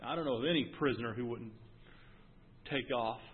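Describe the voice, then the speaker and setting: A male pastor preaching a sermon, swinging from emphatic near-shouts down to hushed, intimate tones. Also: mid-range voice, brisk, breathy edge. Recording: phone-like sound with long hall reverb.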